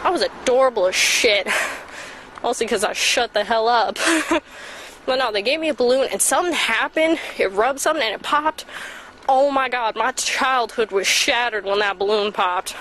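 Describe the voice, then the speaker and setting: Young woman vlogger, rambling storyteller, a bit high-pitched, faint outdoor noise behind. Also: moderate pace, fairly bright tone, poor audio. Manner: chatty, swears freely, self-mocking. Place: outdoors while walking.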